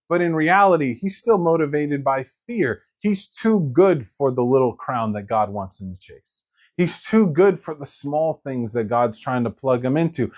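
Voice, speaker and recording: A male pastor preaching, his pitch sitting in the middle range. He tells the story with animation and acts out the lines he quotes. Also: animated, normal speed. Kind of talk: sermon.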